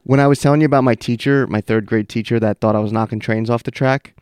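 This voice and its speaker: A man's voice: medium pitch, steady tone, quick pace, a little mellow, smooth, dry recording, studio quality. A man hosting a podcast in casual chat, congested with a sore throat, rambling loosely and swearing. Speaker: podcast host. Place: indoor room.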